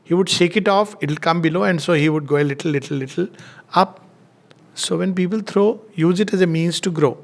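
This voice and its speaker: A man's voice: fairly high pitch, a little fast, gravelly. A middle-aged man giving a spiritual talk, telling anecdotes with frequent chuckles. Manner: chuckles often while telling stories. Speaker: spiritual speaker.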